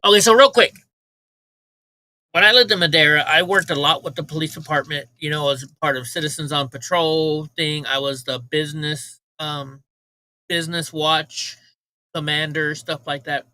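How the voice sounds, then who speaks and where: A man's voice: on the high side, fairly even intonation, normal speed, bright, forceful tone, poor audio. A man hosting a casual livestream, ranting with profanity and mocking remarks while he talks to his chat. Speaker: livestream host.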